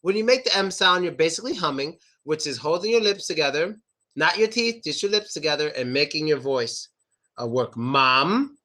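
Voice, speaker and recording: Young american guy teaching english sounds, kinda high voice, repeats words over and over. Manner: lively, repeats words slowly for demonstration. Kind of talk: online pronunciation lesson.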